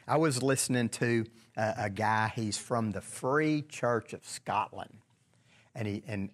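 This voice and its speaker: Man leading a casual Bible study. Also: on the low side. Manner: conversational, asks the group questions, many restarts.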